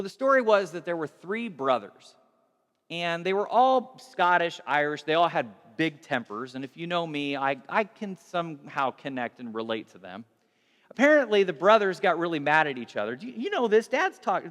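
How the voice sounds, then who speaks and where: A man delivers a relaxed storytelling sermon with a fairly high voice. He talks conversationally, doubling back on words and poking fun at himself. The sound carries a long reverb from a large hall. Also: moderate pace. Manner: conversational, self-deprecating, repeats and restarts. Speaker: pastor.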